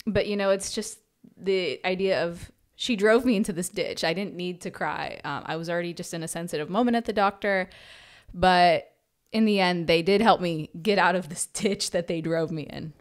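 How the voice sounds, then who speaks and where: A young American woman in her twenties, a podcast guest telling animated personal anecdotes. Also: on the low side, normal speed. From United States. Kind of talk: podcast interview storytelling.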